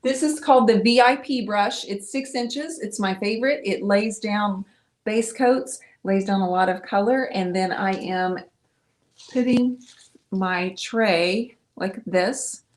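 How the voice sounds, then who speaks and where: A middle-aged woman hosts a live painting stream, cheerfully narrating every brushstroke in a relaxed, friendly manner. Her voice is an ordinary middle pitch, and she speaks slowly.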